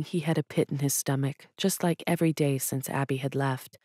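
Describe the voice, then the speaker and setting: A woman narrating an audiobook in a calm, even storytelling manner. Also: very deep voice, fairly quick, few pauses, no echo, clean studio sound. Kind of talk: scripted narration.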